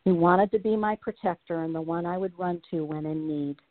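A heartfelt woman in her late fifties tells her own story as a show guest, her voice sitting a little low. She comes through a thin, tinny phone line with a close, dry sound. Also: brisk, no echo. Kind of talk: reading her personal story aloud, then chatting.

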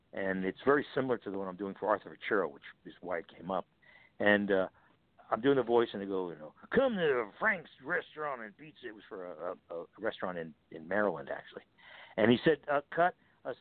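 A man's voice: on the low side, no room sound. A man, a voice actor guest, telling stories in a chatty interview and acting out quoted lines. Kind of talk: casual interview chat. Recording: tinny phone line.

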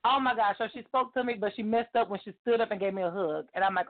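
A woman guest on a chat show, an excitable storyteller who laughs often, heard over a video call. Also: medium pitch, fast talker, few pauses. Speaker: guest author. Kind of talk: casual chat. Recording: phone-like call audio.

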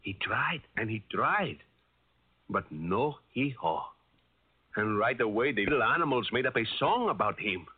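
A man narrating a children's story record in a gentle, lilting storybook manner. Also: mid-range voice, very animated, a little slow, husky. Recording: tinny lo-fi old record with music.

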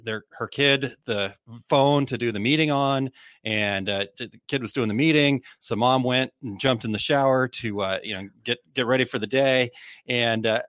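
A man's voice: medium pitch, moderate pace, fairly bright tone, dry recording, studio quality. A man hosting a casual trade talk show, reading out listener comments and chatting loosely with plenty of fillers and restarts. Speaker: podcast host.

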